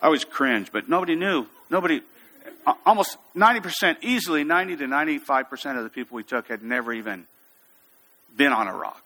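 Male pastor, storytelling sermon, slightly high, bright-toned. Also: fast. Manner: storytelling, animated, acts out quotes.

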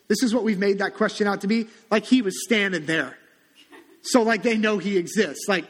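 A middle-aged man preaching a sermon as a pastor, conversational and animated, acting out quotes as he goes. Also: high voice, a little fast. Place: church sanctuary. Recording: long hall reverb.

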